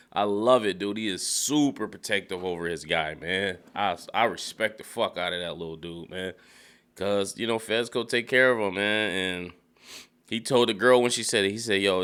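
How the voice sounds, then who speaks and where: A man casually recapping a TV episode, animated and profane, laughing often and mimicking characters in a high voice. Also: clean tone. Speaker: TV recap reviewer. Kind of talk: casual spoken show recap. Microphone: studio dynamic mic.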